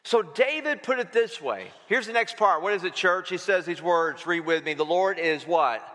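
Bright-voiced man preaching a sermon. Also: high voice, expressive, moderate pace. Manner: conversational, playful preaching with call-and-response. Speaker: pastor. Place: church sanctuary. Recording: hall reverb.

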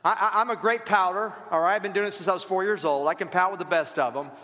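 A man preaching a sermon as pastor, telling lively stories and calling on the congregation to read along. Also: sits high, quick pace. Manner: lively storytelling with asides to the congregation. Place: church. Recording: reverberant church hall.

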